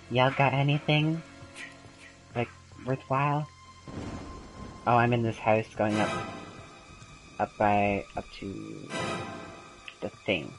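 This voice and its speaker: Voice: medium pitch, animated, slow pace, pauses often, soft background music, poor audio. A young adult gaming channel host giving casual gameplay commentary, telling stories in a rambling way with lots of ums and sudden bursts of laughter.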